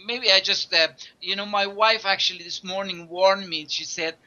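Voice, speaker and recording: Non-native English-speaking man, guest, halting, very bright tone. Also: high-pitched, little pitch movement, lo-fi sound. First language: not English. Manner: halting, many fillers, laughs often. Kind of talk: conversational storytelling.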